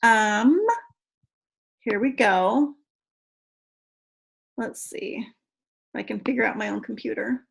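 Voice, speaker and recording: A woman's voice: medium pitch, slow, vocal fry, pauses often. Upbeat woman trainer, gushing and talkative on a video call. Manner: chatty and excitable, says "you guys" a lot. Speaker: team trainer.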